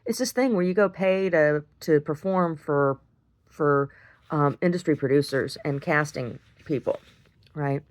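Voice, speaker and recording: A woman, probably in her thirties or older, telling a frank, animated story in a casual video diary, full of "like" and "right?". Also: deep voice, unhurried. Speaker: video diarist. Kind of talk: casual monologue.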